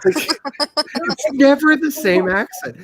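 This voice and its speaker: A podcast host in casual chat, animated and laughing often, recorded over a remote call mic. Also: sits high, slow, a crowd in the background, poor audio.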